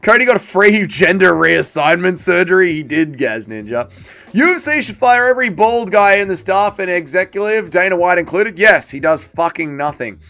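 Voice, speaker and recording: A man's voice: high-pitched, lively intonation, moderate pace, bright, forceful tone. A man hosting a livestream watch party, chatting casually and joking as he reads viewer comments aloud and answers them. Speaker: livestream host.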